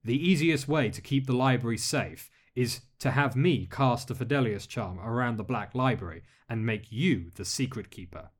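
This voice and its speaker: A man playing a calm, wry masked lord. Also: mid-range voice, close to an everyday voice. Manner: measured and polite, dry humor.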